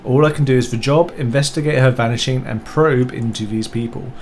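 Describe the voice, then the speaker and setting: A man's voice: mid-range voice, steady tone, fairly quick, slight background noise. A man streaming a mystery game, reading its text aloud and adding casual asides.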